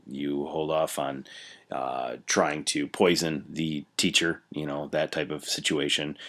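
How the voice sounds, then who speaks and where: A man with an extremely deep voice teaches a recorded class, walking through his notes on a computer mic. He keeps it conversational, with everyday examples and plenty of small fillers. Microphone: computer mic while scrolling through notes.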